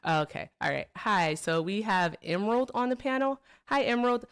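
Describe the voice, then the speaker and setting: A woman's voice: mid-range voice, lively intonation, normal speed, clear, resonant tone. A woman hosting a live political call-in stream, chatty and upbeat, greeting viewers and callers. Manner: chatty, upbeat, says y'all. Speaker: livestream host. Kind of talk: casual livestream chat.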